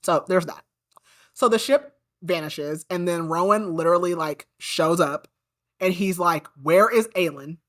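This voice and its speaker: Chatty woman with a lowish voice. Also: a little slow, fairly bright tone. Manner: chatty, peppered with "like"; indignant asides about characters. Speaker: podcast host. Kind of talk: casual book recap.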